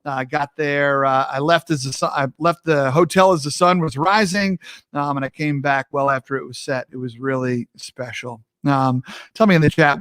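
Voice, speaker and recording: Energetic male host with a fairly high voice, chatty and friendly, close dry mic. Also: dry recording. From US East Coast. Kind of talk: live-streamed casual talk show.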